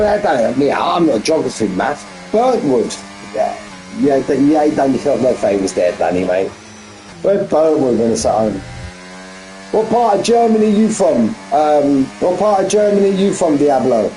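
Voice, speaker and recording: A man's voice: fairly high pitch, sing-song, moderate pace, warm tone, slight background noise, rough recording. A man commentating a sim race on a live stream, bantering with viewers and often repeating himself.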